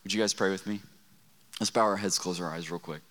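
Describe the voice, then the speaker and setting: A man's voice: sits low, fairly even intonation, fast talker, fairly bright tone. A young man preaching to a student camp, telling stories in a conversational way and asking the room questions. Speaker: youth pastor. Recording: long reverb of a large hall.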